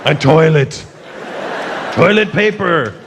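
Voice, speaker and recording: A North American man telling stories in a stand-up routine, chatty and animated, with asides to the audience. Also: on the high side, takes it slowly, vocal fry. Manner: conversational, animated storytelling with asides. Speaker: stand-up comedian. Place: theater stage before a live audience. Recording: live recording with loud crowd and room noise.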